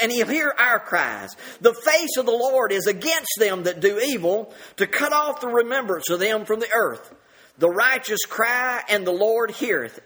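High-voiced older preacher, folksy. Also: male voice. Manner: folksy, repeats words, reads scripture aloud, drops to a low hush for emphasis. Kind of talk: conversational sermon.

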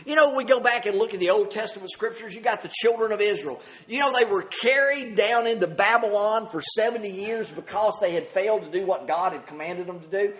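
An older male preacher with a high voice talks through scripture in a folksy, conversational way. He repeats words as he goes and drops to a near hush to press a point home. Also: fairly quick, few pauses. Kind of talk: conversational sermon.

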